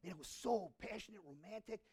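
A middle-aged male pastor preaching a sermon in a conversational way, asking the congregation questions and swinging from hushed to impassioned. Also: high-pitched, a little fast, slightly rough. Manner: conversational, asks the audience questions.

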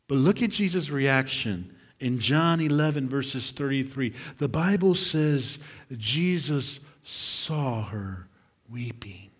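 A man preaching a sermon as pastor, emphatic and repetitive, swinging from loud declarations to hushed lines. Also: medium pitch, expressive, slow pace, slightly rough.

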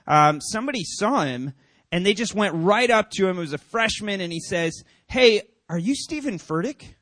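A male pastor preaching in a church with a fairly high voice. He tells a story and acts out the quoted voices with animated energy. The sound is dry, close and without room echo. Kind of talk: sermon.

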